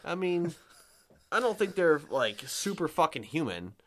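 A man's voice: on the high side, sing-song, a little slow, a bit bright. Man reading odd facts, crude. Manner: reads facts aloud with fillers, crude jokes. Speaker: podcast host. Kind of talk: casual chat.

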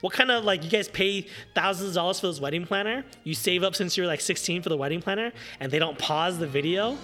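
A man's voice: sits high, fast talker, bright, forceful tone, soft background music. A man hosting a podcast, giving casual, sarcastic running commentary on a film and laughing often. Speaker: podcast host. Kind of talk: casual watch-along movie commentary.

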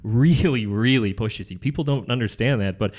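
A man's voice: medium pitch, darkish tone. A man being interviewed, telling stories about his past sales job in a casual, rambling way. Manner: fast, rambling, restarts phrases. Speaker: guest, former salesman. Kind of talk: casual conversational storytelling.

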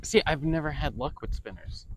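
A man co-hosting a casual chat outdoors while fishing, reacting with short replies and quick laughs. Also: a little high, fairly bright tone, slight background noise, low-quality recording. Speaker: podcast co-host.

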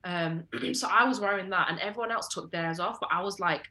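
Bright-voiced woman telling stories. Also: lowish voice, fairly quick. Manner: animated, lots of "like" fillers, jumps into quoted voices. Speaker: podcast co-host. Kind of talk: casual storytelling chat.

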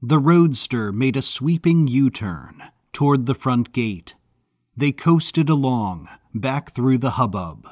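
A man narrating an audiobook in a measured, even reading style. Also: mid-range voice, dry recording.

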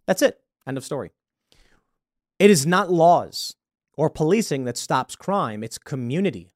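A man's voice: fairly high pitch, very animated, moderate pace, no echo, clean studio sound. A man hosting a political commentary show, reading news stories aloud and reacting bluntly with his opinions. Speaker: show host.

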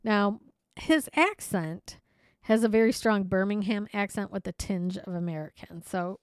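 A woman hosting a casual podcast, playful and chatty, laughing easily as she riffs on a story she's reading. Her voice sits in an ordinary middle pitch. It's recorded dry and close, with no room sound. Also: a little slow, clean tone, no room sound. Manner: reads story aloud, then riffs on it. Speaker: podcast host. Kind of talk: casual chat.

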